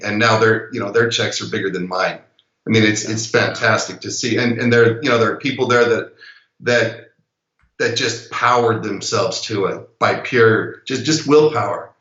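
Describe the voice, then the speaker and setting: A middle-aged man as a guest in a casual interview, telling stories reflectively with soft laughs. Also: lowish voice, echoey room, highs cut off.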